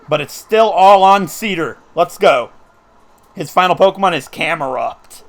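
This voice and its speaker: A man's voice: high-pitched, expressive, measured pace. A man giving casual, upbeat commentary while playing a video game, explaining his moves as he goes. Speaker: let's play commentator.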